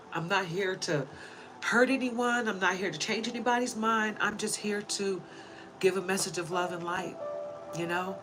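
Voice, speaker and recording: A woman's voice: on the low side, low-quality recording. A woman giving spiritual readings, talking in a rambling, earnest way and often checking in with "you know?". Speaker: spiritual reader. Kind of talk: casual heartfelt monologue. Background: music.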